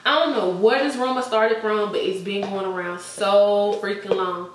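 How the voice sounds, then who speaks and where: Woman vlogger, chatty gossip, boomy echoey room, sits back from the mic. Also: fairly even intonation, normal speed, distant mic, a little hiss or hum. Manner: chatty, laughs often, trails off with "I don't know". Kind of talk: casual gossip chat.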